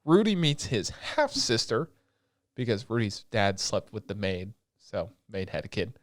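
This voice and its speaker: A young man co-hosting a podcast, recapping anime in a rambling, excitable way with lots of filler words and swearing. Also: fairly low pitch, unhurried, no room sound. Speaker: podcast co-host. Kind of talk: casual chat recapping anime episodes.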